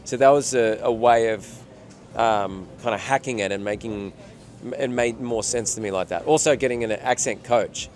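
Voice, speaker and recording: A man's voice: mid-range voice, moderate pace. A man with an Australian accent, an actor answering interview questions in a reflective way, thinking aloud with fillers.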